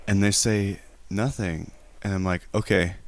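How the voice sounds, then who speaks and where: A man's voice: sits low, fairly even intonation, measured pace, slight background noise. Rambling, defensive prank caller man. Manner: rambling, hesitant, defensive, with many restarts. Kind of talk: prank phone call storytelling.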